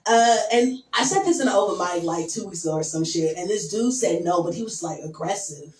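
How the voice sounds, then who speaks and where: A young woman doing a stand-up set, crude and deadpan, with lots of "um" and "like". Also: lowish voice, brisk. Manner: crude, deadpan, filler-heavy. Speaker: stand-up comedian. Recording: echoey room from far off.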